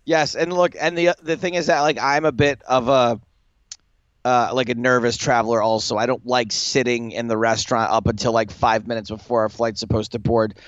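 A man's voice: mid-range voice, moderate pace, smooth, no echo, lo-fi sound. A man co-hosting a poker podcast in casual chat, telling stories with lots of filler words. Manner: chatty, lots of filler likes, animated retelling. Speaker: poker show co-host.

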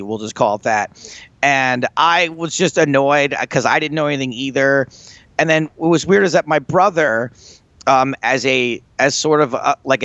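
A man co-hosting a podcast, telling a long family story in casual chat, rambling and animated. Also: mid-range voice, dry recording, lo-fi sound. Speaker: podcast co-host.

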